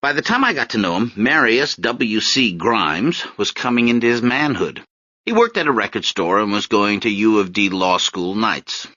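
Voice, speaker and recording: A male audiobook narrator telling a story with expressive delivery. His voice is bright and forceful, with lively rises and falls. The recording is dry and slightly dull. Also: fairly low pitch, normal speed, dry recording. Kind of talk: scripted narration.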